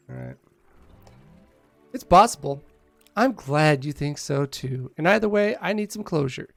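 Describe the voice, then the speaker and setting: A man's voice: fairly high pitch, creaky, no echo. A man streaming a game, casually reading its dialogue aloud and joking with viewers between lines, on a close desk mic at home. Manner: casual, joking, reads text aloud with asides.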